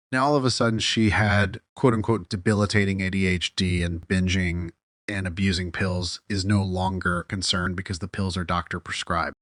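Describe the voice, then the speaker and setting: A man with a fairly low voice delivers a scripted commentary voice-over, critical and measured, dropping an occasional "uh". His close-mic recording is dry and free of room sound. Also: a bit bright, no echo. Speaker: commentary video narrator.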